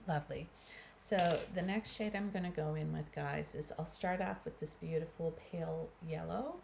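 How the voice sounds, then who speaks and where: With vocal fry and a moderate pace, a low-pitched woman in her fifties speaks over background noise. She's a Canadian beauty vlogger giving a casual makeup tutorial, chatting to viewers as "guys" with many fillers.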